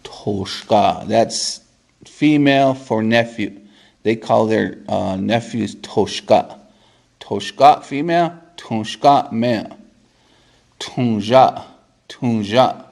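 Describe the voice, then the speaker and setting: A man leads a relaxed vocabulary lesson on camera, saying each word over and over so learners can follow. His voice sits on the low side and he takes his time, unhurried between words. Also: vocal fry. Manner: repeats each word several times for practice; relaxed, joking asides. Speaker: language teacher.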